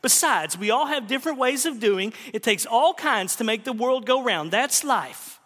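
A man's voice: very high-pitched, expressive, moderate pace, bright, forceful tone, voice pushed up, heavily acted. A pastor voicing a prim, fussy middle-aged Southern lady while reading a story aloud, in an indignant, gushing tone. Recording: long hall reverb.

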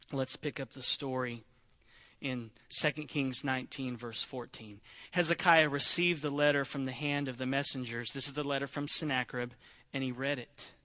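A man preaching a sermon, retelling a scripture story in an animated, conversational way. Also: medium pitch.

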